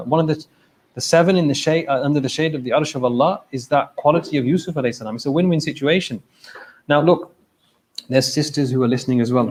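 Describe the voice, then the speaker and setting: A man's voice: mid-range voice, darkish tone, slight background noise, poor audio. A man giving an informal religious talk at a mosque. He speaks conversationally, repeats phrases and keeps checking in with his listeners.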